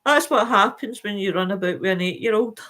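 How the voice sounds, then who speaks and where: A tired woman hosting a casual live-stream chat, reading out viewer comments in a chatty, animated way. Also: mid-range voice, a little fast. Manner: chatty and animated, with many fillers.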